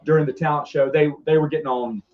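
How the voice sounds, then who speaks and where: A middle-aged man telling rambling, animated stories as a podcast co-host in casual chat. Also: fairly high pitch, quick pace, a little hiss or hum. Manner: rambling, animated, frequent restarts. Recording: dull lo-fi sound.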